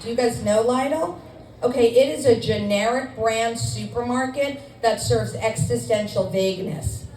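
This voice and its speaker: A middle-aged woman comic does a chatty stand-up set on a club stage, a little high in pitch. She puts herself down with loose ums and restarts. The recording is roomy and taken from far off, with faint noise. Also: unhurried, a little mellow. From Scarsdale, New York. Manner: self-deprecating, chatty, with filler ums. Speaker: stand-up comedian. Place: comedy club stage with audience.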